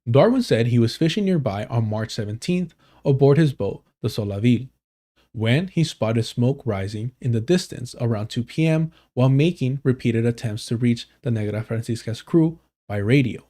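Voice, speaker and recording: A man's voice: medium pitch, lively intonation, moderate pace, mellow. A man on a live stream reading a news article aloud and breaking off for casual, profane asides.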